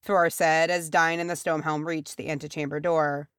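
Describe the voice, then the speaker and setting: A woman with a low, deep voice reads a fantasy chapter aloud. She narrates steadily and changes her voice for each character. The recording is dry and close, with no room sound. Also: level tone, normal speed, clear, resonant tone, no room sound. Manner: voices characters with pitch shifts. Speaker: audiobook reader. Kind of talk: fan fiction audiobook narration.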